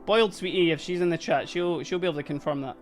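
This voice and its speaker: A fast-talking young man with a voice on the high side paints miniatures on a livestream, with faint music behind him. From Dundee, Scotland, he speaks in a Dundee accent, chats casually with viewers, laughs often, and drops Scottish slang.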